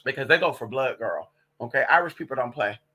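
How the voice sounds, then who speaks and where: A sassy transgender woman talks straight to camera, swearing freely and calling everyone honey and girl. Her pitch swings all over the place as she tells gossipy stories, and her tone is bright and sharp. She sounds like a witch sharing tips with her followers. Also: brisk, slightly rough. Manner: sassy, profane, calls listeners honey and girl; animated gossipy storytelling. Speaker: vlogger and witch. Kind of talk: casual vlog monologue.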